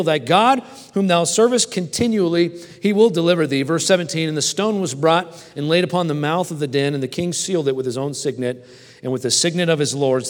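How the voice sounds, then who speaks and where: A man in his forties preaching a sermon and telling personal stories in a folksy way, often stammering and restarting, and asking the audience questions. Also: on the high side. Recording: long hall reverb.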